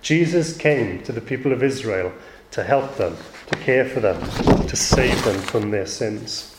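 A man's voice: medium pitch, lively intonation, unhurried, heavy background noise. A man preaching a sermon in a plain, conversational way, with asides and restarts. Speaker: pastor. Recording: echoey room.

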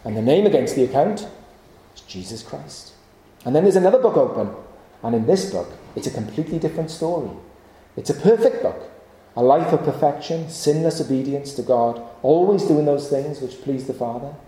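A man's voice: medium pitch, expressive, a little fast, dark tone. A man preaching an evening sermon, pleading with his listeners through earnest, repeated rhetorical questions. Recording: echoey hall.

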